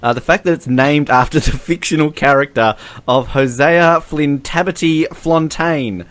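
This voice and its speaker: A man's voice: on the high side, a little slow, fairly bright tone. A man, hosting a casual podcast, jokingly reading fan messages aloud and laughing often. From Australia. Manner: playful, laughs often through his own lines. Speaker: podcast host.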